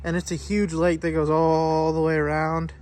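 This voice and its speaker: A man's voice: on the high side, flat delivery, normal speed, darkish tone, slight background noise. Chatty young man vlogging outdoors. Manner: chatty and upbeat, talks to viewers. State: out of breath. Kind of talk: casual vlog talk. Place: outdoors by a lake. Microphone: phone camera.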